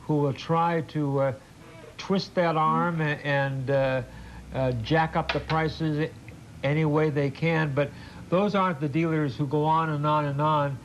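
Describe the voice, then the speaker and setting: An older male TV host doing an in-studio sales pitch, halting and repeating words, with a jokey folksy manner. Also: fairly even intonation. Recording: muffled old TV broadcast with faint hiss.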